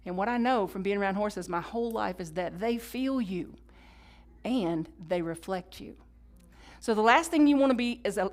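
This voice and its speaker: Woman pastor giving a sermon with dynamic swings into whispers, plus call-and-response and conversational asides. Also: medium pitch. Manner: swings from loud emphatic lines to hushed whispers; leads the congregation in call-and-response.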